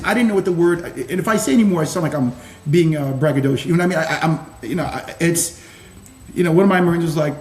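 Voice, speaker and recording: A former Marine officer, a man, telling stories as a guest in a casual interview, animated, laughing and swearing casually. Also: a little high, fast. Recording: roomy echo.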